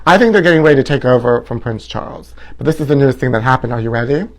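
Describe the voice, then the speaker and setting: A man's voice: medium pitch, lively intonation, rapid-fire. A man hosting a comedy show, delivering a campy, sassy and theatrical tabloid gossip monologue.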